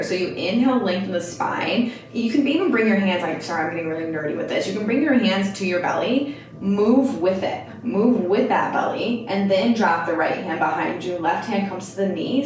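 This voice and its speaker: A woman leads a yoga practice, her steady cues for breath and movement mixed with casual, friendly tangents. Her voice sits in a mid register and rings in a very echoey room. The mic is a few steps away, with a faint hum of ambience behind her. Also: mid-range voice, moderate pace, far from the mic. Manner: calm cueing with casual rambling asides. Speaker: yoga instructor. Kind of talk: guided yoga class.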